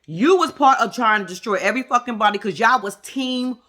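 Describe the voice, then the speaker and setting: A woman's voice: a little high, a little fast, bright, forceful tone. A woman giving a blunt, profane reaction commentary on a reality show, talking straight to her viewers. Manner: addresses viewers directly.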